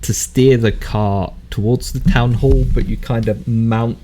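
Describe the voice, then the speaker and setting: Slow, halting male game master. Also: medium pitch, steady tone, mellow, slight background noise. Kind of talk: narrating a tabletop game.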